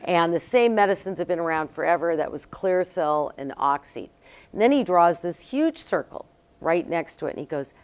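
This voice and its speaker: A middle-aged woman, a company co-founder, telling her business story in an animated, conversational interview. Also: on the low side, moderate pace. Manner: animated storyteller, acts out quotes.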